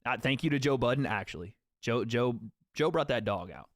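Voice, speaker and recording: Young man, streamer host, casual profane banter, lively pitch, dry sound. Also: a little fast, no room sound. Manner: profane, joking, talks to chat. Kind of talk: casual livestream chat.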